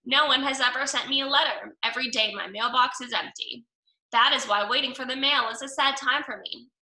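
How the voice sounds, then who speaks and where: Woman doing a gloomy stubborn storybook toad, soft and glum, roomy sound. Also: sits high, fairly quick, exaggerated voice. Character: shy gloomy male toad, easily embarrassed. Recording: roomy, mic at a distance.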